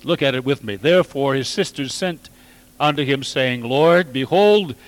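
A man preaching a sermon to his church, slow and measured, swelling loud and dropping to near quiet for emphasis. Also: fairly high pitch. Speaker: pastor.

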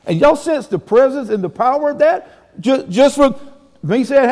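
A man delivers a sermon in a folksy, emphatic preaching manner, breaking into sudden exclamations. His voice sits high. The sound carries a long reverb, as if recorded in a large church hall. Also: lively intonation, moderate pace, darkish tone. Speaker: pastor.

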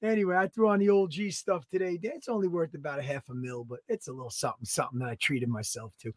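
High-pitched man, 30s, loud and excitable, joking, profane, dry close sound. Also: quick pace, few pauses, no room sound. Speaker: podcast co-host. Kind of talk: casual podcast banter.

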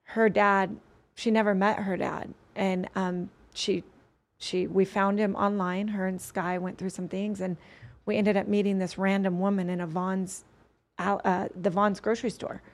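Here a woman, an adult guest on a podcast, wanders sincerely through a story about herself, restarting her sentences again and again. Her voice is middle-pitched and even in tone, and she talks a little slowly.

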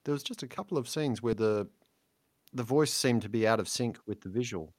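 A man's voice: medium pitch, fairly quick, no room sound. A man with a mid-range voice chats about a film in an easygoing way, tossing in questions. His voice is recorded close and dry. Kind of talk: casual film discussion.

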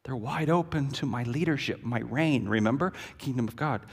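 A male pastor preaching a sermon and retelling a scene with vivid, animated storytelling. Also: medium pitch, moderate pace, slightly rough. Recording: echoey hall with long reverb.

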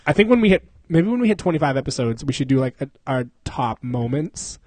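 A man's voice: mid-range voice, big pitch swings, brisk, a little mellow, dry recording. A young man co-hosting a podcast in casual chat, rambling and profane, laughing often and slipping into silly voices. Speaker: podcast co-host.

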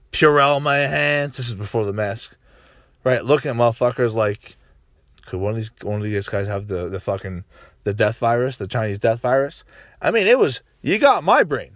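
A man's voice: mid-range voice, fairly bright tone, dry recording. Profane ranting man, dry close sound. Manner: frequent "right?" tags and restarts. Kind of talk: casual political monologue.

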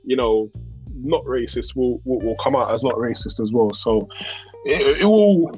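A man's voice: mid-range voice, a little slow, slightly rough, lo-fi sound, faint music behind. A man chatting casually, telling a story at length and dropping "bro" and "innit". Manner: relaxed, rambling storyteller, frequent "bro" and "innit". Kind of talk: casual chat.

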